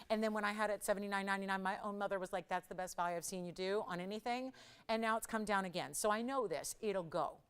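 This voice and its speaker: A woman hosting a live jewelry shopping show, chatting and telling stories as she pitches a ring, laughing often. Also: clear, resonant tone. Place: TV studio.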